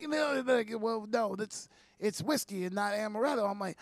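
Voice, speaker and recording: Loud animated man storyteller. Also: sits high, brisk. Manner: animated, profane, gets loud. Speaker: podcast co-host. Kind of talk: casual storytelling chat.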